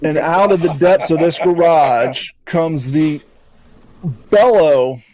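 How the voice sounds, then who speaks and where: A man hosting a podcast, telling a rambling, profane story in an animated, casual way. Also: fairly high pitch. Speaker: podcast host.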